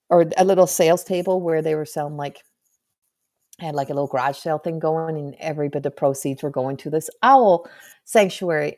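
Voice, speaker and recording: A woman with a somewhat low voice hosts a casual live-streamed spiritual talk. She speaks as a medium in an earnest, chatty way. She stays frank and drops playful swearing. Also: mellow.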